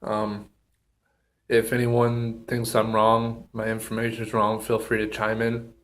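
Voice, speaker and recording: A man speaks slowly in a casual solo review, his pitch staying flat and even. He halts often with ums and pauses. He sounds a little out of breath, sniffly from a runny nose, with his mouth still burning. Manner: halting, with many ums and pauses. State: slightly out of breath from pepper heat. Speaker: pepper reviewer.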